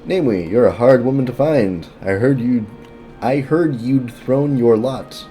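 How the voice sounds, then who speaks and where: A man's voice: medium pitch, unhurried, warm tone, soft background music, pitched above the performer's own voice, close to an everyday voice. A man reading a friendly quest-giver's game dialogue aloud in a plain voice, with small slips.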